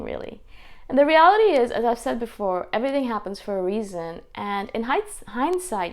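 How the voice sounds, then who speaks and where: A woman vlogger talking casually to her viewers, animated and acting out the voices she quotes. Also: on the high side. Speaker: spiritual vlogger. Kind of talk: casual talk to camera.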